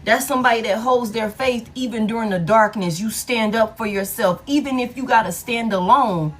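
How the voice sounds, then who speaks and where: A woman with a voice on the high side and a moderate pace gives a casual tarot reading. She's blunt and profane, repeats key lines for emphasis, and laughs often between remarks.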